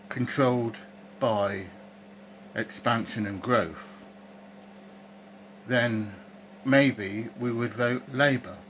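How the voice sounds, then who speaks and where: A man's voice: mid-range voice, a bit bright, a little hiss or hum, low-quality recording. A man, delivering an opinionated monologue to camera, ranting, asking rhetorical questions and speaking scornfully. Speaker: political commentator.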